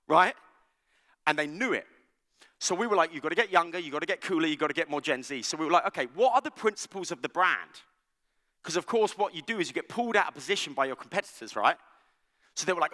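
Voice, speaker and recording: A man's voice: a little high, a little fast, long reverb tail. A man giving a joking, conversational conference keynote, often checking in with the audience. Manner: animated, joking, conversational with frequent "right?". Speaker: conference speaker. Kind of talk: keynote talk. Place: large conference hall.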